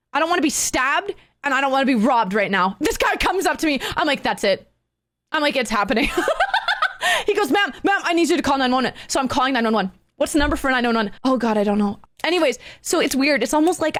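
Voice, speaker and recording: Woman storyteller, high voice, excitable, does all the voices, very dry mic. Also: dry recording. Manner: excitable, acts out every voice in the story, laughs often. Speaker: streamer. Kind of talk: animated storytelling.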